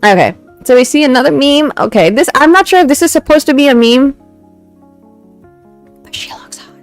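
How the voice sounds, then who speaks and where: A woman's voice: high-pitched, fast talker, faint music behind. A young woman with an Indian accent, chatting casually on a live stream, giggling often and reacting to memes and chat. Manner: giggly, animated, switching between English and Hindi. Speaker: VTuber streamer. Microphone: desk mic set back from her.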